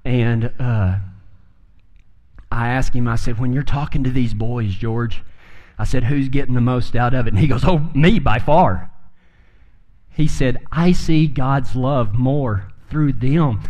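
A man's voice: mid-range voice, unhurried, a little mellow. Folksy male preacher in a reverberant hall. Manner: folksy storytelling, rising to emphatic peaks. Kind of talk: sermon.

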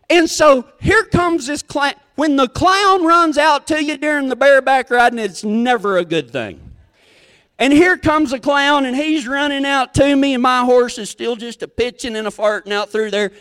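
Folksy cowboy preacher, lively pitch. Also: male voice, unhurried. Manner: folksy storyteller, drawling, self-mocking humor. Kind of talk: sermon with a comic rodeo story.

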